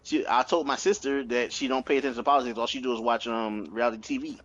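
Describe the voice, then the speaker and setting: A man in his thirties on a podcast, telling family stories in an animated, profane way with lots of laughs. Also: medium pitch, quick pace, lo-fi sound. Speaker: podcast co-host. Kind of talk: casual chat.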